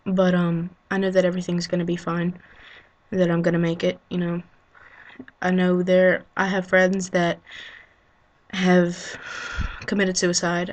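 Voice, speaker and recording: A woman talking unscripted to her webcam, halting and emotional, with frequent sighs, ums and you-knows. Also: on the low side. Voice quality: sighing. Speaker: vlogger. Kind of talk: unscripted heartfelt monologue to camera. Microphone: built-in webcam mic.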